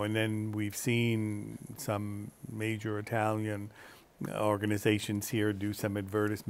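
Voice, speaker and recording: A male host leading a discussion in a studio interview. His voice sits somewhat low. He works his way to each point with hesitations and filler words. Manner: meandering, frequent "you know" and "um". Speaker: TV show host.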